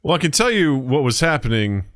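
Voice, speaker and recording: A man co-hosting a casual podcast, riffing in an animated, jokey way. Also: mid-range voice, a little fast, dry recording, clean studio sound. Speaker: podcast co-host. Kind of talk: casual chat.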